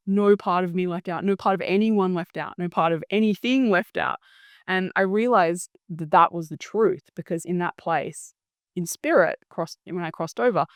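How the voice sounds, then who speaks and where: A woman's voice: fairly low pitch, no room sound, studio quality. A woman guest in an interview, telling her story in an earnest, reflective way, searching for words.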